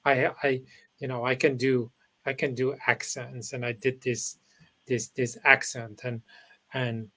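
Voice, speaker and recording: Man, halting, lots of restarts, mid-pitched, casual host, video call audio. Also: level tone, a bit bright. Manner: halting, many restarts and fillers. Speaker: podcast host. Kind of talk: casual interview chat.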